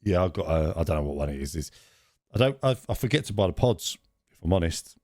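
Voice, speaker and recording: A man's voice: deep voice, fast talker, dry recording, clean studio sound. A man, co-hosting a casual podcast and telling stories animatedly with many restarts. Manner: animated storyteller, repeats and restarts phrases. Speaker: podcast co-host. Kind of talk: casual chat.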